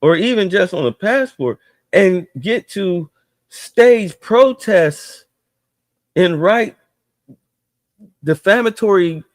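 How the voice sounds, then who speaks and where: A man's voice: high voice, animated, takes it slowly, long pauses, no room sound, studio quality. A man streaming heated, profane political commentary with a mocking edge.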